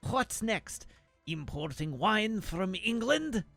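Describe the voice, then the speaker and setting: A man's voice: high-pitched, sing-song, gravelly, a bit bright, soft background music, voice pushed up, exaggerated voice. A man putting on a mock French accent to voice a grumbling French wine snob in a video game. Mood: indignant. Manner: theatrical, exaggerated, slow read-aloud.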